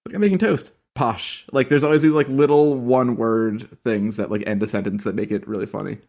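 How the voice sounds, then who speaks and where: A man's voice: lowish voice, level tone, brisk, creaky, a little mellow. A man co-hosting a podcast in casual chat, wry and sweary, telling anecdotes. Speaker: podcast co-host.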